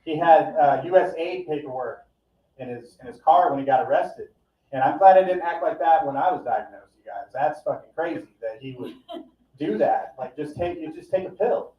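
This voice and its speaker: A man doing a stand-up set at a live comedy event, with a deadpan, profane, rambling delivery. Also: fairly high pitch, moderate pace. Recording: echoey, distant, dull live recording.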